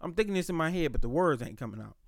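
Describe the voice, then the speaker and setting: A man with a slightly high voice tells a casual story on his podcast, animated and full of slang and cursing. The recording is dry and close, with no room sound. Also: rapid-fire, creaky, no echo. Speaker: podcast host.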